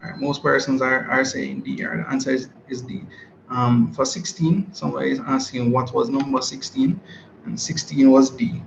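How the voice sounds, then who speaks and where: Male teacher, mid-pitched, running an online exam review over a computer mic; echoey room with dull, slightly muffled sound. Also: steady tone, normal speed, creaky, a little hiss or hum. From Jamaica. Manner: checks chat for answers, reads multiple-choice questions aloud.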